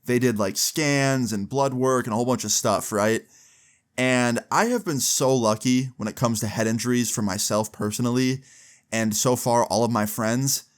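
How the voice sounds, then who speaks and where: A young man vlogger telling a storytime in casual, animated speech with frequent swearing. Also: mid-range voice, moderate pace. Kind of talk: storytime vlog.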